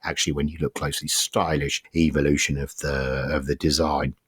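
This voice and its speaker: A deep-voiced middle-aged Englishman talks through a car review in a loose, rambling way, blunt and wry, with swearing. The sound is dry and close, with no room around it. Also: little pitch movement, brisk, fairly bright tone, slightly rough, dry recording. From England. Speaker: podcast host. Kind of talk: casual car review chat.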